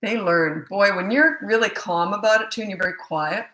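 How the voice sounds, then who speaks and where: Brief: middle-aged woman parenting coach, lively chatty Q&A, voices the kids she quotes, roomy echo. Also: medium pitch, moderate pace. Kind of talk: casual live Q&A talk. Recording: echoey room.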